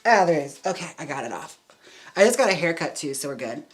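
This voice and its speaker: A man streaming live as a drag performer and wig stylist, trying on wigs and chatting in a campy way with quick laughing asides. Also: fairly high pitch, big pitch swings. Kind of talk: casual live-stream chat.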